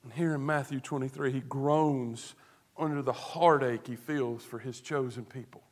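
A man preaching a sermon as pastor, earnest, moving between hushed tones and emphatic stress, with rhetorical questions. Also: medium pitch, steady tone, moderate pace.

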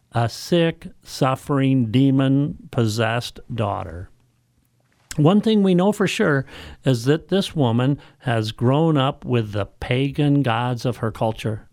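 A male pastor, preaching a sermon in measured, emphatic phrases full of rhetorical questions. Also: mid-range voice, gravelly, darkish tone, dry recording, studio quality.

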